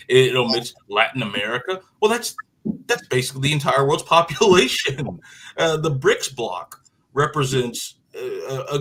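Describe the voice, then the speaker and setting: On a low-quality recording, a radio talk-show guest with a medium-pitched, slightly bright voice argues politically in earnest conversation. He often uses fillers and restarts his sentences.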